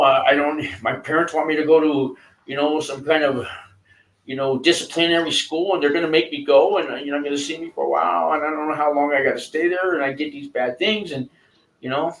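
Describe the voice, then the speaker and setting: A man hosting a casual chat, giving rambling advice with many halting restarts and fillers. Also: fairly high pitch, roomy sound, rough recording. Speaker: host coaching a guest.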